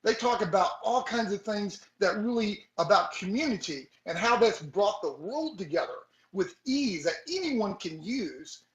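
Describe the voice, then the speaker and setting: A man giving an energetic motivational talk as a sales team leader, exhorting his listeners with rhetorical questions. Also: high voice, measured pace, hardly any pauses, echoey room, poor audio.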